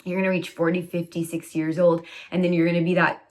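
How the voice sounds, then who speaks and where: A young woman in her twenties with a low voice lectures her viewers bluntly. She talks in a preachy, direct-to-camera monologue and fills it with "like" and "you know". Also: level tone, fast, a little mellow. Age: 20s. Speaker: self-love coach.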